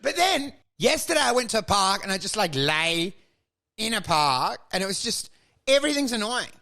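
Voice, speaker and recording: A man co-hosting a podcast who tells absurd comic stories in an animated, sweary way, jumping into acted voices. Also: high voice, moderate pace, gravelly. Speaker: podcast co-host.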